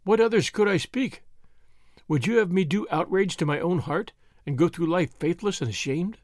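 A man reading an audiobook, voicing an earnest young woman who speaks softly and solemnly. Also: high voice, moderate pace, no echo, studio quality, close to an everyday voice. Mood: tender, sorrowful. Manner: soft and solemn.

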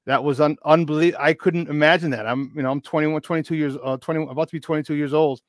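A man in his fifties, a podcast guest, telling a long casual story in an animated, rambling way with many restarts. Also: on the high side, fast, dry recording, clean studio sound. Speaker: podcast guest, football expert.

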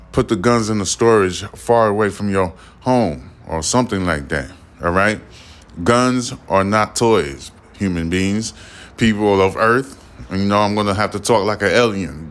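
Middle-aged male podcast host, very low voice, blunt profane rambling commentary. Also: a bit bright. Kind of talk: casual news commentary podcast.

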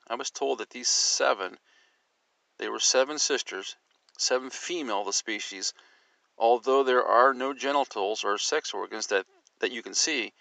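A man reading an account aloud and then musing on it, in a measured, speculative storytelling manner. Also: mid-range voice, creaky, sharp tone, dry recording.

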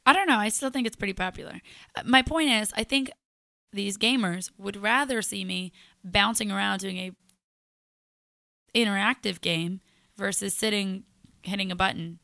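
A young adult woman co-hosting a casual podcast, teasing and cracking quick crude jokes while talking about bartending. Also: medium pitch, gravelly, bright, forceful tone, no echo, clean studio sound. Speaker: co-host, bartender.

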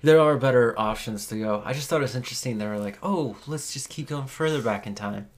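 A man co-hosting a casual podcast, his voice at an ordinary middle pitch. He passes on news and gossip with a dry, deadpan edge. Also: fast talker. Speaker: podcast co-host. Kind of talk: casual chat.

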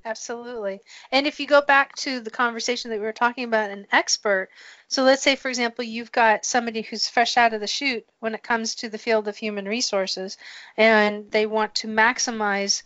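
A woman's voice: fairly high pitch, steady tone, a little fast, a bit bright, dry recording. A woman working in human resources, talking earnestly as a podcast guest and often agreeing. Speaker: HR professional, guest. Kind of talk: conversational podcast interview. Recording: dry muffled lo-fi audio.

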